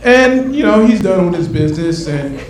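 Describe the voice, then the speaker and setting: A man performing a stand-up comedy set, animated, acting out his bits and swinging between loud and soft. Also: high voice, normal speed. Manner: animated, acts out bits with shifting loudness. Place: comedy club stage. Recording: echoey room from a distant mic, noisy.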